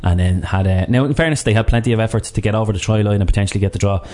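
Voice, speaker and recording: Male radio co-host, low voice, quick rambling banter. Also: a little mellow. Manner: fast, rambling, jokey banter. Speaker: radio sports show co-host. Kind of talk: casual sports radio chat.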